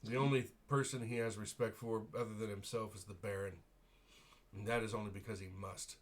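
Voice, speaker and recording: A man's voice: fairly low pitch, steady tone, fairly quick, natural voice. A man voicing a courteous, wry guard captain in a breastplate who speaks in a formal, old-fashioned way.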